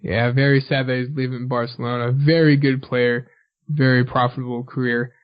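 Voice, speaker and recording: A man's voice: mid-range voice, level tone, normal speed. A man hosting a football podcast, steering the casual chat with questions and fillers. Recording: dull lo-fi podcast audio.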